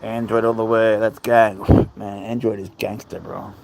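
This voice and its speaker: A man's voice: fairly low pitch, flat delivery, normal speed, gravelly, very noisy. A man casually livestreaming outdoors at night with his cats, chatting easily and reading viewer comments aloud. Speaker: cat owner livestreaming. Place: outdoors at night among bugs. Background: crickets chirping.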